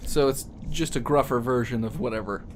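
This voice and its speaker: A man narrating as game master of a tabletop game, relaxed and chuckling as he describes the scene. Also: medium pitch, a little fast, slight background noise.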